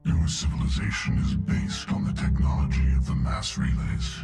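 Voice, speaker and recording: An actor playing an ancient, arrogant male machine overlord in a video game, speaking in slow, ominous pronouncements through a heavy echo effect. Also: a little mellow, soft background music. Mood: menacing. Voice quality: deep gravelly reverberating voice.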